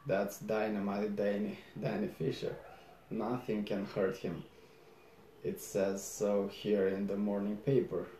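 A man reading aloud as a stern, sarcastic old father, scolding slowly and low in a roomy space. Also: little pitch movement, dark tone, slight background noise, close to an everyday voice. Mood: scornful.

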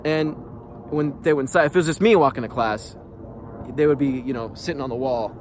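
A man vlogging, telling a candid personal story in a profane, animated, rambling way. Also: mid-range voice, fairly quick, a little hiss or hum.

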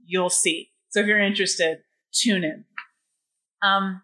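A woman's voice: mid-range voice, takes it slowly. Bubbly woman hosting a casual livestream. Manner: bubbly, greeting viewers warmly, chatty with fillers. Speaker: livestream host.

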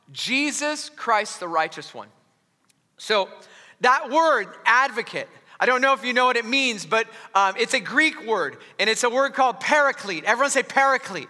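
A man preaches with lively intonation and a high, very bright voice, moving at a moderate pace. He's a pastor who keeps things conversational, poking fun at himself, tossing in jokes, and often starting sentences over. His sermon echoes through the long reverb of a big church hall.

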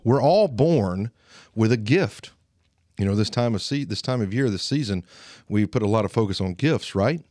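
A man in his late thirties from Alabama, with a Southern twang, giving an earnest, slow motivational monologue as a podcast host, pausing for emphasis. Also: fairly low pitch, lively intonation, a little mellow, no echo, clean studio sound. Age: 30s.

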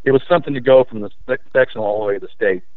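A man recalling his high school basketball days in a rambling, casual way, full of restarts and fillers. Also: rapid-fire. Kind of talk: storytelling in a casual interview. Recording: dry, tinny phone-line sound.

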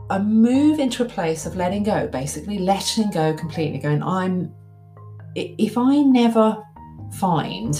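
A woman in her forties, candid and reflective, telling a personal story and acting out the things she once told herself. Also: fairly low pitch. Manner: candid, reflective, animated when quoting her past self. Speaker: speaker.

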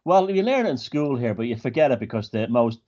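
An Irish man, a podcast guest, chatting casually and telling stories in a relaxed way. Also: mid-range voice, quick pace, lo-fi sound. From Ireland. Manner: relaxed storytelling, slips into quoted dialogue. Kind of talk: casual conversation.

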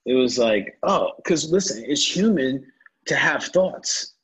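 A man's voice: medium pitch, expressive, unhurried, a bit bright, husky. A man hosting a podcast, casually affirming his guest with frequent "man" and "dude". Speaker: podcast host. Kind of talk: casual interview chat. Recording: dull lo-fi audio.

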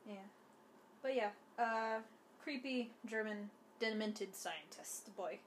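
A woman co-hosting a casual podcast chat, teasing and playful with quick asides. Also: medium pitch, slight background noise. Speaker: podcast co-host.

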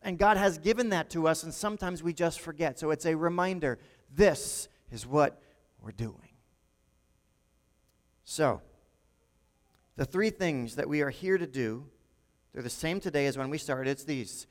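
A man's voice: fairly high pitch, unhurried, long pauses, in a large hall. A man preaching a sermon as pastor to his congregation, conversational, with frequent restarts and repeated words.

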